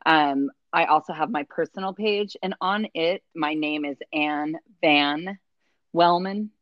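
Low voiced woman talking theater stuff, laughs easy, kinda muffled. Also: measured pace, no room sound. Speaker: community theater leader, guest. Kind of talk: casual interview chat. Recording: slightly dull, dry sound.

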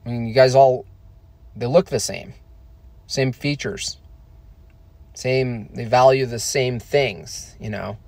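Halting American man answering chat. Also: mid-range voice, gravelly, a little mellow, no echo. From United States. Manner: halting, many fillers and restarts. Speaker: streamer answering viewer questions. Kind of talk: casual livestream chat.

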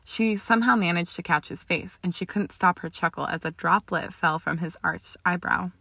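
A woman narrating a story aloud in a steady, expressive audiobook reading. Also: lowish voice, moderate pace, creaky, no echo. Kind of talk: audiobook reading of fan fiction.

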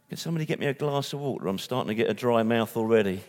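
A man's voice: mid-range voice, animated, fast, a little mellow. A man preaching a sermon in a church hall, chatty and casual, often repeating words as he restarts.

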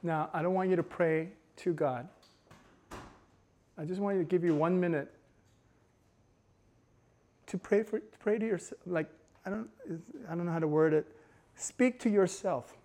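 A male pastor in his young adult years delivers a sermon built on personal stories. His voice sits a little high for a man and moves between soft, hushed stretches and loud, emphatic bursts. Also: normal speed, pauses often.

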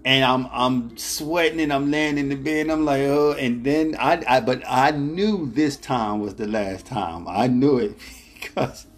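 A man's voice: mid-range voice, unhurried. A middle-aged man telling a story in a casual, rambling way. He repeats words, chuckles as he goes, and speaks straight to his viewers. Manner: addresses viewers directly as ladies and gentlemen. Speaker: travel vlogger.

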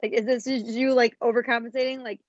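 A woman's voice: on the high side, little pitch movement, fast talker, no room sound, lo-fi sound. A woman in her thirties co-hosting a podcast, chatting casually and frankly, swearing freely. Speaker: podcast co-host. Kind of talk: casual chat.

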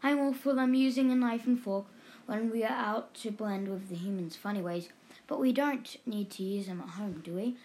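A woman's voice: mid-range voice, moderate pace, darkish tone, natural voice. A woman voicing a boisterous, homesick father hyena in a storybook reading, speaking emphatically. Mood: wistful.

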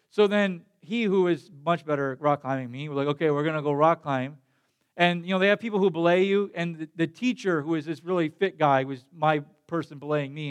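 A man's voice: sits high, clean tone. A young adult man preaching a sermon as a pastor, telling a story in a conversational way that builds to emphatic passion.

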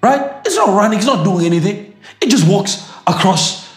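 A man's voice: high voice, expressive, moderate pace, roomy sound, faint music behind. A middle-aged male pastor from South Africa preaching a sermon, emphatic and repetitive, with sudden bursts and laughter.

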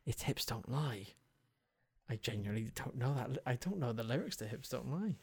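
A man's voice: mid-range voice, lively intonation, a little fast, gravelly, darkish tone, husky, dry recording. A young man chatting casually and self-mockingly, reciting song lyrics half-spoken as he guesses them. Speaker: video host. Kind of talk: casual chat.

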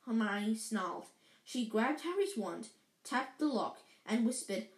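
A woman's voice: a little high, animated, unhurried. A woman reading a book aloud casually, stumbling and restarting lines as she corrects herself. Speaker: reader. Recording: echoey room.

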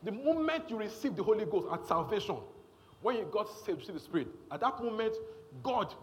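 A man's voice: sits high, big pitch swings, fairly quick. A man preaching a sermon, emphatic and repetitive, often checking in with the congregation.

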